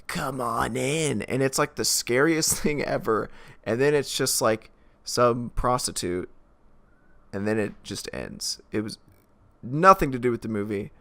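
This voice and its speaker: A man's voice: medium pitch, expressive, a little slow, pushed and bright. A man giving a rambling, casual movie review, full of filler words and chuckles. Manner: rambling, many filler likes, laughs as he talks. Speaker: film reviewer.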